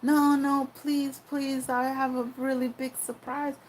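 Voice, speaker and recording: A woman's voice: high-pitched, little pitch movement, measured pace, slight background noise, voice pushed up, low-quality recording. A woman voicing a pushy young boyfriend who wheedles and insists, in a storytelling vlog. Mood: pleading.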